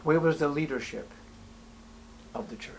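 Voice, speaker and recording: Man, preacher, sermon, fairly high voice, scripture reading, rhetorical questions, loud and hushed turns. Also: normal speed. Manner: reads scripture aloud in King James wording. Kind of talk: expository sermon.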